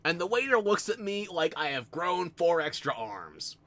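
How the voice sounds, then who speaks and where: Italian-American man with a lively Jersey accent. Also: on the high side, moderate pace. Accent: New Jersey. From United States. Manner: rambling, self-mocking storytelling with frequent laughs. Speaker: streamer. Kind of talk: casual stream chat.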